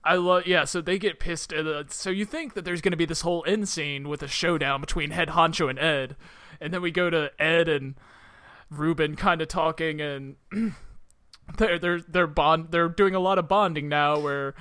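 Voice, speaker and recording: A man co-hosting a film podcast, chatting loosely and breaking into laughter as he acts out lines from the movie. His voice is bright and a little high for a man. It sits close and dry, with no room sound. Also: fairly even intonation, smooth, no room sound. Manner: laughs often, retells scenes in quick put-on quotes. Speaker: podcast co-host. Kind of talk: casual film chat.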